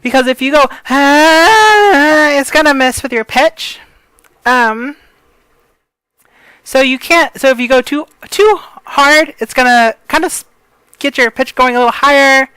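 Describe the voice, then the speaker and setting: A woman's voice: high-pitched, steady tone, moderate pace, bright, forceful tone, clear, resonant tone, dry recording, poor audio. Chatty woman voice teacher, dry close sound. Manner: rambling, many fillers, apologetic. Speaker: voice coach. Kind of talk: casual tutorial.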